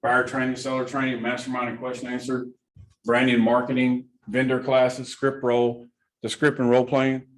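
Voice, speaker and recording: This is classroom training: an energetic Southern-accented man from Missouri, working as a productivity coach, teaches new agents and keeps asking "right?". He has a mid-range voice and a moderate pace, heard from a distance in an echoey room with faint hiss.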